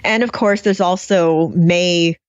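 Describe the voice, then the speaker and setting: A woman's voice: lowish voice, fairly even intonation, takes it slowly, no echo. A woman co-hosting a fan podcast, chatting casually about a TV episode in a sarcastic, often laughing way. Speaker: podcast co-host. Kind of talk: casual chat, TV episode discussion. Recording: dull, dry lo-fi sound.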